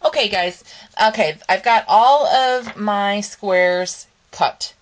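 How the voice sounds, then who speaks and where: A woman running her own craft channel, walking viewers through cutting paper strips with a casual, chatty tone full of ums and okays. Her voice sits in a mid range but is worn down, as she is losing it and has to clear her throat. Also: mid-range voice, slow, poor audio. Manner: chatty step-by-step instructions with frequent ums and okays.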